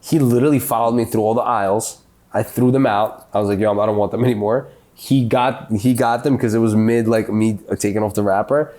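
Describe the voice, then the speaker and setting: A man with a fairly low voice chats on a podcast in a loose, comedic way. He tells stories in an animated, crude style and swears often. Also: brisk. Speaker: podcast co-host. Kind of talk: casual comedic chat.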